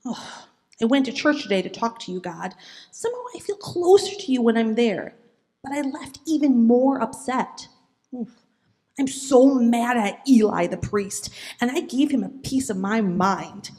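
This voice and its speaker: A woman's voice: a little high, unhurried, a little mellow. A woman voicing a grieving, childless woman who pours out her pain to God in a diary, read in an earnest, pleading way. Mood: anguished.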